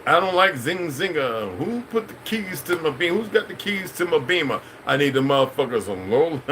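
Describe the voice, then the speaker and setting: A man's voice: fairly high pitch, sing-song, normal speed, bright, forceful tone, slight background noise, poor audio. A middle-aged man, a channel host, in a rambling, profane, preachy unscripted monologue.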